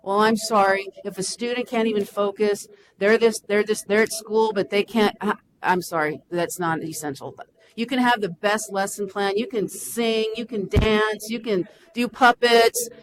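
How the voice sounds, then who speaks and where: A woman's voice: mid-range voice, fairly even intonation, normal speed, slight background noise, low-quality recording. A woman in her forties, a school counselor, speaking passionately and emotionally at a public meeting. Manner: impassioned and emotional.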